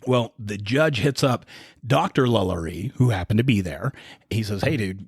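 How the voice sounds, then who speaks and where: Man, podcast co-host, low husky voice, dry close sound, casual storytelling. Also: normal speed, no room sound. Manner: conversational, relaxed retelling of history.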